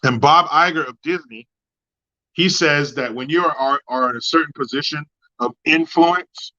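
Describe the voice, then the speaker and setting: A man hosting a livestream, ranting in crude commentary and reading chat, with mocking jabs that swing from loud outbursts to low mutters. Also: normal speed, lo-fi sound. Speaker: livestream host.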